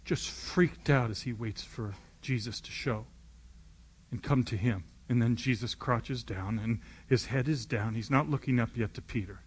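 A man's voice: medium pitch, normal speed, husky. A man preaching a sermon, retelling the scene as vivid storytelling and acting it out.

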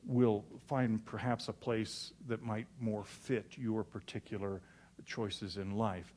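A scornful female saleswoman, as a male preacher puts her on, sliding her words low and slow with a silky, talking-down calm. Now and then her voice shoots up into fierce yelling. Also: a little hiss or hum. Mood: silky, condescending. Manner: smooth and condescending, bursts into yelling.

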